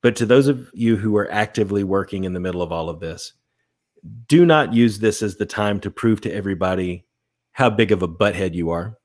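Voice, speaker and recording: Low-voiced, teasing male podcast co-host. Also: brisk, a little mellow. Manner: teasing, gives earnest little speeches. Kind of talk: casual chat.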